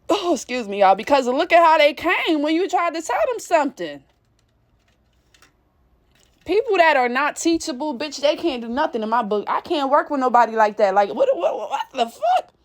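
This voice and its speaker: In a casual monologue, this high-voiced woman vlogger rants bluntly and with profanity, recounting everyday stories with lots of animated energy.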